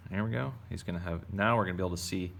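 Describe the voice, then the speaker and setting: A man's voice: sits low, racing, gravelly, fairly bright tone. A man casually teaching kids to draw, playful and chatty as he narrates each step. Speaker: art teacher. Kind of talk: casual drawing tutorial for kids.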